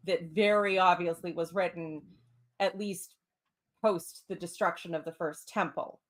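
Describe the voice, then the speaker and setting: A woman's voice: on the low side, fairly even intonation, a little slow. A woman on a discussion panel, talking in long emphatic runs full of fillers. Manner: rambling, many fillers, emphatic. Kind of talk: casual discussion.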